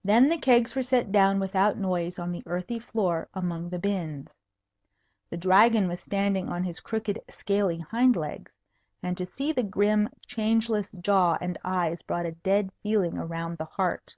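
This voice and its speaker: Female audiobook narrator, measured storybook reading, dry muffled sound. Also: medium pitch, a little mellow, dry recording. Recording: dull dry recording.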